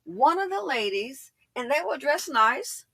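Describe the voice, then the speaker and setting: A woman's voice: high-pitched, sing-song, unhurried, creaky, fairly bright tone, no room sound. A woman host telling a storytime in casual, emphatic commentary, often repeating lines for effect.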